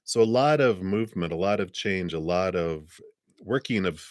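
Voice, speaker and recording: A man giving a live-stream tarot reading, soft-spoken and meandering with many fillers, talking around a cough drop. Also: deep voice, animated, normal speed, dry recording, studio quality. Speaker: tarot reader.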